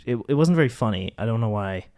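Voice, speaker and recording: A man on a comedy podcast who speaks in a hesitant, halting way, full of stops and restarts. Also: fairly low pitch, animated, darkish tone, clear, resonant tone. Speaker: podcast co-host. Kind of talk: improvised comedy chat.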